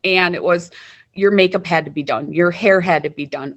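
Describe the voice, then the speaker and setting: Interview guest, woman in her forties, candid storyteller, lower register. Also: moderate pace, muffled recording. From Wisconsin, USA. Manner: candid, conversational, repeats words when emotional.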